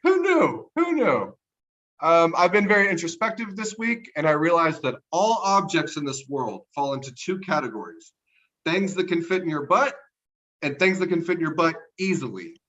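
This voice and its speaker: Man, young adult, from Texas, stand-up set, deadpan one-liners, fairly high voice. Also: normal speed, dull audio. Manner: deadpan one-liners, chuckles at own jokes. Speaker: stand-up comedian. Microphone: livestream mic.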